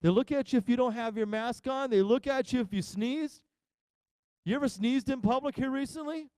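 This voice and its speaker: A man's voice: very high-pitched, moderate pace, dark tone, clean tone, dry recording. A male pastor giving a humorous sermon, telling stories and acting out the voices of the people in them. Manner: jokey storyteller acting out quoted voices. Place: church service live stream.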